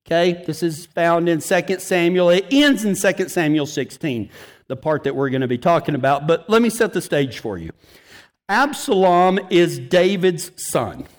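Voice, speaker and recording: Folksy high-voiced preacher man. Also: expressive, moderate pace. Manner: folksy and joking, laughs at his own stories. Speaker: pastor. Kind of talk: storytelling sermon.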